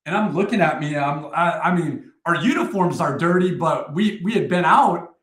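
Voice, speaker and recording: A man in his forties, a retired army first sergeant, telling war stories as a podcast guest in a profane, animated way. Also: on the high side, moderate pace. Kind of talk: casual war storytelling. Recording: roomy echo.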